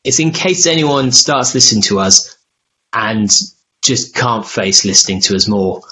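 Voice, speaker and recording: A man's voice: on the low side, expressive, measured pace, pushed and bright, rough recording. A man hosting a podcast in casual chat, rambling and self-deprecating. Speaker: podcast host.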